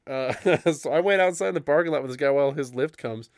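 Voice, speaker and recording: A man's voice: a little high, fairly quick, no echo, studio quality. A young man co-hosting a casual chat show, telling a story and acting out the quoted lines of the people in it. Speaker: podcast co-host.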